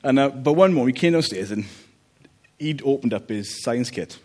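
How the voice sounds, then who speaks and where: A man preaching a relaxed, conversational sermon, joking about family life and often checking in with "okay?". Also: mid-range voice, moderate pace. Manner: chatty, jokey, checks in with "okay?".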